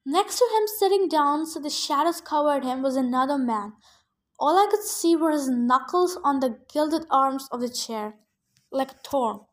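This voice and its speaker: A woman's voice: high voice, expressive, moderate pace. A woman reading a novel aloud in plain narration, now and then stopping for chatty asides about her own misreadings. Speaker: reader.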